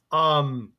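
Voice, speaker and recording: A man's voice: on the high side, sharp tone. A man co-hosting a podcast, talking in a loose, rambling way with frequent laughs and restarts. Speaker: podcast co-host. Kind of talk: casual podcast chat.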